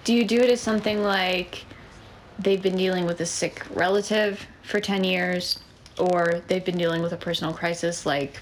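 A woman co-hosting a relaxed chat, talking animatedly and putting on voices as she retells scenes. A faint hum of noise sits under her voice. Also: on the low side, moderate pace. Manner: animated storyteller, acts out movie dialogue. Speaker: podcast co-host. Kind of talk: casual chat about writing prompts.

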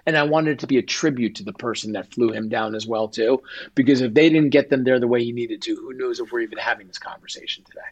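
A man with a husky, slightly breathy voice speaks as an interview guest, telling a personal story with real feeling. He often slips into quoted dialogue as he retells what others said. His pitch sits in an ordinary middle range. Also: quick pace. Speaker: guest, author.

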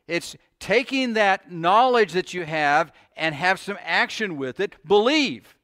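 A man's voice: high voice, animated, slow pace, pushed and bright, dry recording, studio quality. A man preaching a sermon to his congregation, earnest, often restarting his sentences and asking the listeners questions. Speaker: pastor.

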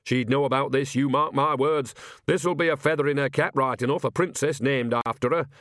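A man's voice: mid-range voice, fairly even intonation, a little fast, fairly bright tone, dry recording, studio quality, voice pushed up, lightly acted. A man voicing a blunt, gossipy old village witch woman. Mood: brash. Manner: brash, gossipy.

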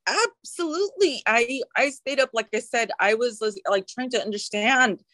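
A woman's voice: a little high, normal speed, pushed and bright, no room sound. A woman sharing her personal recovery story in an interview, talking in an emotional, frank way with occasional swearing.

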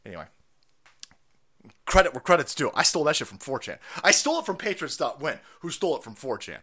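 A man's voice: a little high, very animated, quick pace, pushed and bright, slightly rough. A man streaming a ranting commentary on news clips, foul-mouthed and sarcastic, often breaking into laughter.

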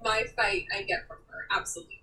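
A young woman speaking as an interview guest, animated and emotional, acting out quoted lines as she talks. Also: mid-range voice, quick pace, distant mic, low-quality recording. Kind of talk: candid interview talk.

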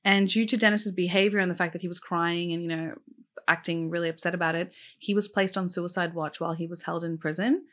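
Speaking fairly quickly, this woman has a lowish, steady, slightly bright voice. She hosts a true crime podcast, casually and chattily walking through the case with frequent "like" and "um" fillers while questioning her listeners directly.

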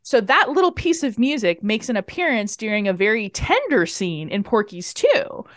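A woman with a slightly high voice speaks at normal speed in a dry, clean studio recording. As a podcast co-host, she chats casually through a film's plot, performing the characters' dialogue and swearing freely in an animated way.

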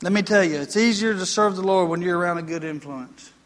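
In a church hall full of long reverb, a high-voiced pastor preaches fairly quickly with a somewhat bright tone. His sermon is built from folksy stories that lead into emphatic points.

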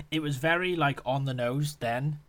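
A young man chats into a podcast mic, circling his points with lots of "like" and "um", laughing as he goes. His voice sits at an ordinary middle pitch. He is loose and profane, an easygoing film-chat co-host. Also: unhurried, crowd noise. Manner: rambling, laughs often, swears casually.

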